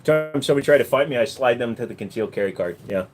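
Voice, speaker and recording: An American man hosts a casual livestream and banters with viewers. His pitch swings a lot, rising and falling as he jokes. He talks close to a desk microphone from a room at home. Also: expressive, rapid-fire, a little mellow, soft background music. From United States. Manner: joking, slips in and out of put-on accents. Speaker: livestream host.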